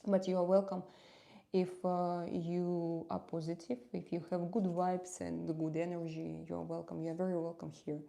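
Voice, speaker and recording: A woman with a Russian accent chatting casually on a live stream, reading viewer comments with halting pauses and many fillers. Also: lowish voice, level tone, vocal fry, warm tone. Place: home in Spain.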